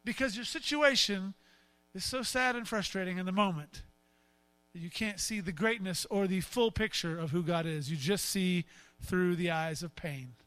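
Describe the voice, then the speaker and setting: A male pastor preaching a sermon in an animated way, often acting out quotes in different voices. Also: sits high, moderate pace, smooth, no echo.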